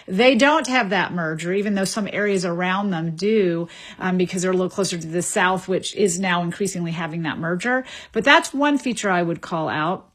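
Woman explaining in a measured way. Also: lowish voice, a bit bright, husky. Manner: measured, lecturing, repeats words while thinking. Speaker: linguist guest. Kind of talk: explanatory radio interview answers.

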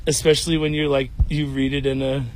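A podcaster with a Chicago accent, reading playfully in a makeshift studio in a clothing shop, on a high-quality mic. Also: male voice, little pitch movement, fairly quick, darkish tone. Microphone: high-quality microphone.

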